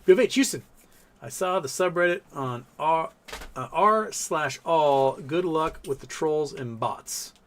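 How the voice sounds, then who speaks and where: A man's voice: a little high, measured pace. A man hosting a casual livestream, reading viewer comments aloud and chatting to his pets between them. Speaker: livestream host.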